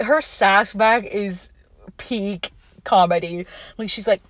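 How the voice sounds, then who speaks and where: A young adult woman casually recapping a movie scene by scene, in a chatty, animated way with plenty of fillers. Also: on the high side, measured pace, dry recording.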